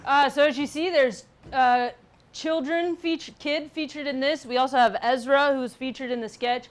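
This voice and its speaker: An upbeat woman hosting a live comedy show, introducing the next act. Her voice sits a bit high, and her talk is friendly and slightly halting. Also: steady tone. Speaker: show host.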